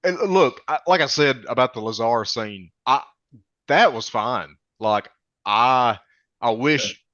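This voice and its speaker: A man's voice: mid-range voice, expressive, bright, forceful tone, dry recording. A man co-hosting a podcast and giving blunt opinions about a film, stumbling and restarting as he talks. His voice sits in the middle range. The recording is dry and slightly dull. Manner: halting, restarts often, opinionated. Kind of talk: casual film discussion.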